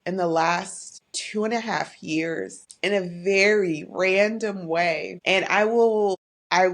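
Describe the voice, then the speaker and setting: Middle-aged woman, podcast host, low voice, gravelly fry, candid, heartfelt personal monologue. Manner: candid and heartfelt, faith-tinged, openly emotional.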